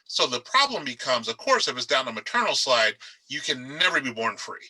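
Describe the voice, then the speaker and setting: A man talking casually on an authors' panel from a darkened room over a video call, animated and emphatic, with frequent restarts. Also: medium pitch, brisk, slightly rough, rough recording.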